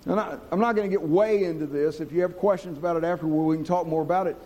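A man preaching a sermon to a congregation, earnest, slowing down and dropping low to stress key points. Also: fairly even intonation, darkish tone, in a large hall. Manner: earnest, slows and drops low for emphasis.

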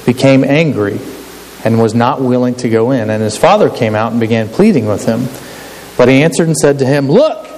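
The sermon comes across as talk more than oratory, with the man frequently checking that his listeners agree. He has a medium-pitched, darkish voice, and a faint hiss sits under the long hall reverb.

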